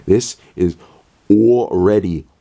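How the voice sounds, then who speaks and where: A man's voice: on the low side, takes it slowly, gravelly. Sarcastic man narrating comedy. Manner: sarcastic, exasperated, deadpan asides. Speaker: YouTuber reviewing his old videos.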